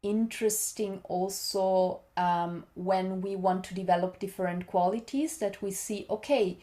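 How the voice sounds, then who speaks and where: A woman guest on a podcast, speaking calmly and reflectively about voice and body awareness. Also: medium pitch. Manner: slow, calm, exploratory speech.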